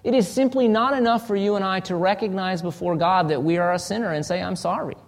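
A pastor delivers a sermon earnestly and searchingly, talking fast. He frequently restarts phrases and drops into a soft, low voice.

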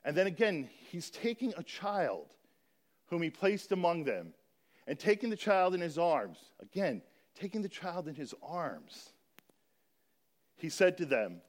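A man's voice: fairly high pitch, sing-song. Earnest man giving a church talk. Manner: earnest, explanatory, reads scripture aloud slowly. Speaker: guest speaker for a children's charity. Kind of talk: church talk with scripture reading.

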